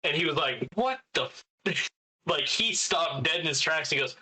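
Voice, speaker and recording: Utah guy cohosting a podcast, bright voice, cussing and joking around. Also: on the high side, moderate pace, husky, poor audio. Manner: profane, joking storyteller. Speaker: podcast co-host. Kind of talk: casual chat.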